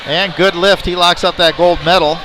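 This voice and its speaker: Meet announcer, male, slightly high voice, chatty and jokey, noisy venue. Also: steady tone, normal speed. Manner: chatty, jokey asides between lifts. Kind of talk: live powerlifting commentary. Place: indoor competition venue. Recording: noisy arena ambience.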